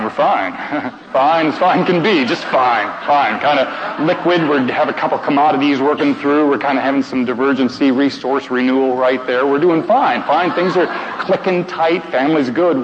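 A man's voice: medium pitch, moderate pace, noisy background, voice pushed down, natural voice. A man voicing a crowd of too-polite churchgoers. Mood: insistently cheerful. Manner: smooth, overly polite. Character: chorus of too-polite churchgoers, insisting all is fine. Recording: reverberant hall, dull muffled sound.

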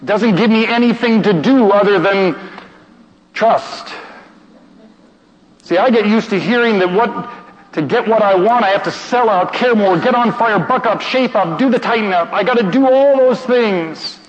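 Theatrical preacher in an echoing hall. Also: male voice, sits high, moderate pace, slight background noise. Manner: emotive, theatrical, with hushed passages and shouted outbursts. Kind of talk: dramatic storytelling sermon. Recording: dull sound with long hall reverb.

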